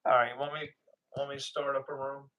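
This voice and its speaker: A man's voice: medium pitch, little pitch movement, a little fast, very noisy. A man hosting a casual livestream, rambling and repeating his words, often breaking into disbelieving exclamations. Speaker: livestream host.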